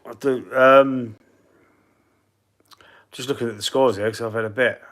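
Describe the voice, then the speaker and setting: A London football fan with a London accent chats casually on a live stream, reading comments, rambling, laughing often and swearing now and then. His voice is medium-pitched, steady, unhurried and a bit bright.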